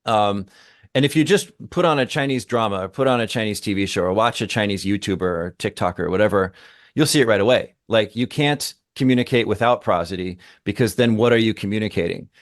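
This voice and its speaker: Emphatic, lower-voiced man in podcast discussion. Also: a little fast. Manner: emphatic and engaged, thinks aloud with restarts. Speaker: co-host, language teacher.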